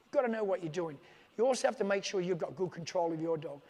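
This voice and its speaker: A man's voice: high-pitched, animated, quick pace, a little mellow, long reverb tail. A man working as a dog trainer, giving casual, plain-spoken advice to camera and repeating his key points. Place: dog training facility with staff around.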